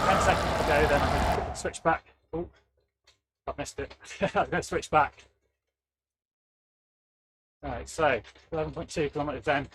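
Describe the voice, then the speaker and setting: A British man talks his way through a virtual cycling race on a live stream, thinking aloud as he pedals. His voice sits slightly high for a man. Loud steady noise runs under the whole recording. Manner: chatty, thinking aloud while riding a trainer. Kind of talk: casual live-stream commentary.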